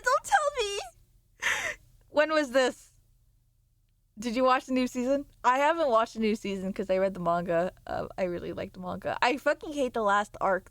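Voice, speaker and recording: Brief: young-sounding woman streamer, high-pitched, sleepy and rambly, dry close mic. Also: no echo. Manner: playful, rambling, sudden squeals and mock voices. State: sleepy, yawning. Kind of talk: casual chat with stream viewers.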